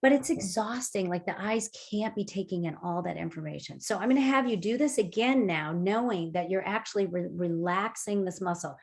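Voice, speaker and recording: A woman on a video call leading a mindfulness workshop, guiding breathing and movement exercises in a lively, chatty way with frequent fillers. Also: mid-range voice, fairly quick, vocal fry, hardly any pauses.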